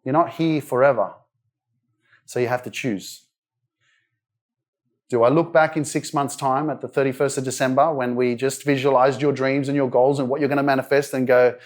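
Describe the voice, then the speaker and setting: A man's voice: mid-range voice, fairly even intonation, normal speed. A man in his thirties giving a blunt, emphatic live motivational speech at a wellness centre event, swearing freely as he pushes his audience. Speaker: motivational speaker.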